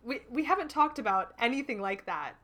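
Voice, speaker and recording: A young woman co-hosting a casual chat about a film, animated and laughing often as she retells scenes. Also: fairly high pitch, fairly quick. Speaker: podcast co-host.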